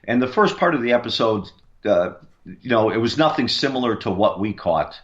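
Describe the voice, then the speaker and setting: A man's voice: mid-range voice, animated, moderate pace, muffled recording. A man, a paranormal investigator, tells a long story in a rambling way, with many fillers and restarts. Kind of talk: casual storytelling on a radio interview.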